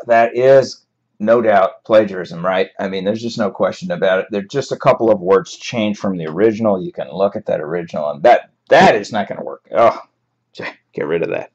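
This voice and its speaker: A man's voice: lowish voice, moderate pace, a little mellow. A man teaching a writing class in a chatty, wry way, laughing now and then at his examples. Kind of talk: classroom lecture on paraphrasing. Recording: dull lo-fi recording.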